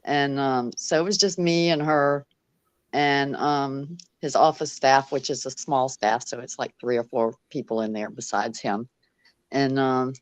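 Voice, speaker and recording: A woman's voice: low-pitched, no room sound. A woman who retells a story animatedly, with frequent laughs and fillers. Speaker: guest. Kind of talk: casual storytelling.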